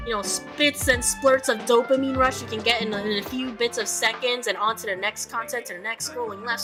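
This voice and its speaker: A young adult woman streaming, casually chatting and reading viewer comments, self-mocking with many restarts. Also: a little high. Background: music playing.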